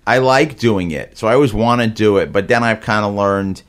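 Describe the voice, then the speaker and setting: A man with a Brooklyn-Queens New York accent, chatting casually as a comedian guest, halting and hesitant with many fillers. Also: fairly low pitch. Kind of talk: casual chat.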